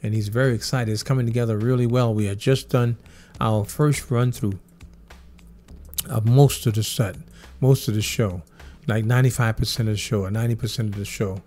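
A man's voice: fairly low pitch, steady tone, a little fast, darkish tone. A man, a professional drummer, answering fan questions and telling personal stories in an earnest, repetitive way that piles phrase on phrase.

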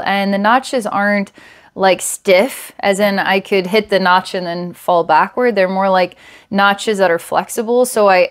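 A woman with a medium-pitched voice gives an intuitive psychic reading. She speaks in a halting, searching manner, with many fillers and repeated words, at times slowing down and growing hushed.

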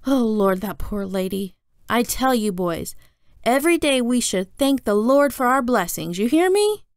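A woman's voice: on the high side, expressive, unhurried, no echo, clean studio sound, pitched above the performer's own voice. A woman voicing a stern, devout babysitter who scolds and preaches in a storybook reading. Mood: preachy.

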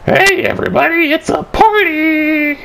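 A man's voice: very high-pitched, measured pace, vocal fry, pushed and bright, a little hiss or hum, voice pushed up, exaggerated voice. A man voicing Ice King, a goofy male ice wizard, in an offhand, barely acted way while he retells a dream. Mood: excited.

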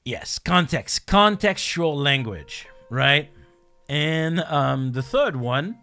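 A man's voice: a little high, sing-song, slow pace, bright, forceful tone, soft background music. A man giving casual, joking commentary while playing a language-learning game, laughing often.

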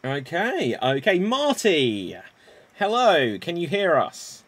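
A man hosting an online improv show, briskly introducing the games and calling for votes. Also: fairly high pitch, very animated, a bit bright, breathy edge, no echo, soft background music. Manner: brisk, upbeat, running the games.

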